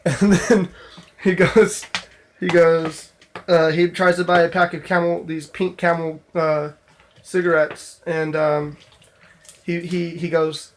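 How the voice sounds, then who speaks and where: A man's voice: a little high, flat delivery, slow, a little hiss or hum. A young man casually telling a story from his job in a vlog, rambling with lots of fillers and restarts. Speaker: store clerk telling a work story.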